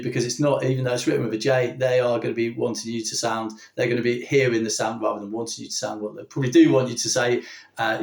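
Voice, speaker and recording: A man's voice: mid-range voice, fairly even intonation, normal speed, roomy sound. Chatty estuary-accented man teaching sounds. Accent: southern English, estuary with West Country touches. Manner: chatty, demonstrates sounds aloud. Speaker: language teacher. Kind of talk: explanatory lesson on pronunciation.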